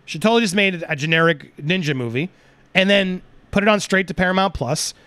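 A man's voice: sits high, animated, brisk, fairly bright tone, smooth, no echo. A man hosting a movie review show, ranting indignantly and emphatically at the film. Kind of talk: angry movie review rant.

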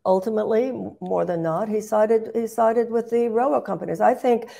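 A woman's voice: a little high, fairly even intonation, normal speed, gravelly, mellow. An older woman speaking as a political guest. She talks with impassioned emphasis, often restarting phrases and rising in bursts.

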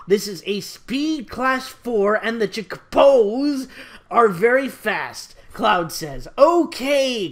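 A young man reads a fan fiction story aloud in a plain, unpolished way. His voice sits high for a man, and he stumbles over words and corrects himself as he goes. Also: background noise.

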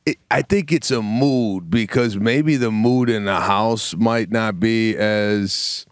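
A man's voice: fairly low pitch, slow pace, smooth, no echo. Laid-back man on a dry studio mic. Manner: easygoing, reflective, profane. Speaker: podcast co-host. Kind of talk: casual chat.

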